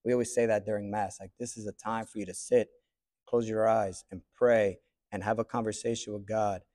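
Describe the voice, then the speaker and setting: A man teaching a class, thinking aloud in a reflective way with pauses. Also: lowish voice, level tone, mellow. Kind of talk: classroom discussion.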